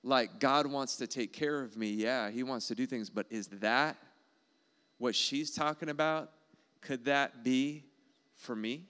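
A man's voice: medium pitch, a little slow, fairly bright tone, clean tone. A man preaching a sermon in an earnest, emphatic way, repeating key phrases. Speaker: pastor.

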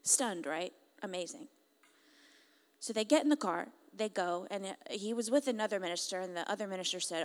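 A woman's voice: medium pitch, moderate pace. Emphatic woman telling a story. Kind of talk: storytelling to an audience. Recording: long reverb.

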